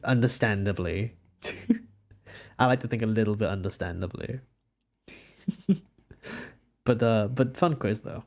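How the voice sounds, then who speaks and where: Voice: mid-range voice, takes it slowly, pauses often, darkish tone. A nineteen-year-old streamer chatting casually on a live stream while drawing, giggly and self-mocking. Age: about 19.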